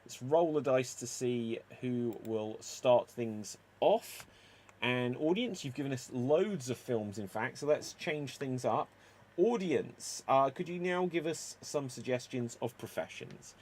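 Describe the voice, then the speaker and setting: A man with a mid-pitched voice hosts an improv show over a video call. He talks briskly and teases the players as he keeps the games moving. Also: expressive, a little mellow. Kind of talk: hosting a live online improv show.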